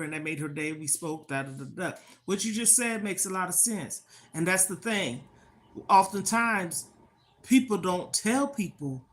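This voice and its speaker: A woman's voice: on the low side, fairly bright tone. Frank older woman talking to viewers. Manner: frank, preachy, repeats "okay?" often. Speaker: livestream host. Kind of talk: casual livestream talk to viewers.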